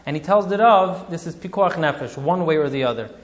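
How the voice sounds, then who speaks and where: A male rabbi recounts a story with drama and feeling, mixing in Yiddish and Hebrew terms. His speaking voice sits somewhat high for a man. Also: lively intonation, a little fast. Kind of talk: storytelling talk.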